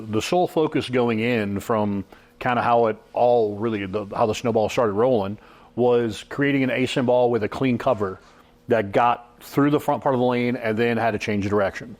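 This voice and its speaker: A man's voice: mid-range voice, normal speed. A man, a product designer guest on a casual talk show, explaining things in a rambling way with lots of fillers. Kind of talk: casual chat.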